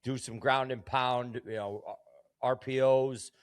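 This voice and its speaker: A man talks sports bets in a blunt, emphatic, profane way. His voice sits at an ordinary pitch and sounds close and dry, with no room echo. It comes across as casual chat between co-hosts. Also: fairly even intonation, measured pace, clean tone. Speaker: co-host.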